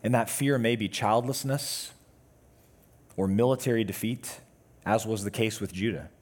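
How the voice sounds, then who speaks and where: Husky-voiced male preacher. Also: fairly low pitch, moderate pace. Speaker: pastor. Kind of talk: sermon.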